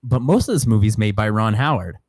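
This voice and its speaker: A man's voice: fairly low pitch, fast talker, slightly rough, no room sound. A young man co-hosting a casual movie review podcast, ranting with lots of swearing and laughter. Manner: profane, laughing, animated ranting. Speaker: podcast co-host.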